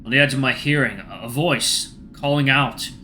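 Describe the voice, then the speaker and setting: A man hosting a gaming channel, reading a game's first-person story aloud in a hushed, tense way. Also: mid-range voice, moderate pace, faint music behind.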